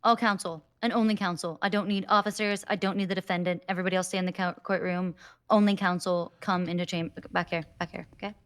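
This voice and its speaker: A woman's voice: on the low side, fairly even intonation, fast talker, clean tone. A woman playing a judge in an online roleplay, talking bluntly and swearing freely as she lectures the lawyers in front of her. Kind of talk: in-character roleplay.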